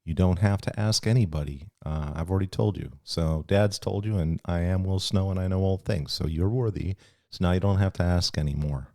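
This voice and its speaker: A middle-aged man hosting a podcast in casual chat, relaxed and rambling with many restarts. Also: deep voice, brisk, no echo, studio quality. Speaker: podcast host.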